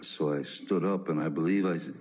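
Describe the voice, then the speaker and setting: A man in his fifties giving courtroom testimony, halting with many pauses and restarts. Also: deep voice, fairly even intonation, a little mellow, slight background noise, poor audio.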